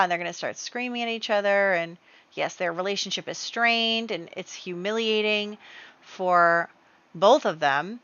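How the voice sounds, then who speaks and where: A woman's voice: medium pitch, a little slow, pushed and bright, clear, resonant tone, no echo. Chatty woman narrating a game. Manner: chatty, rambling, many fillers. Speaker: gaming video creator. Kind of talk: casual let's-play commentary. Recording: dull lo-fi dry recording.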